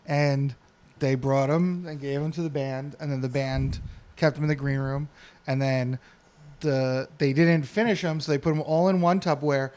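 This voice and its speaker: A man's voice: medium pitch, steady tone, normal speed, a little mellow. A man in casual podcast chat, telling stories in an upbeat way and laughing at his own tales. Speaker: podcast co-host.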